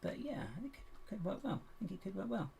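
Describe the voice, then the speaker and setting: A man's voice: high voice, fast talker, creaky. A man hosting a casual live stream, chatting and muttering to himself while he builds, with self-mocking asides. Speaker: livestream host building toy bricks. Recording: steady background hiss and keyboard noise.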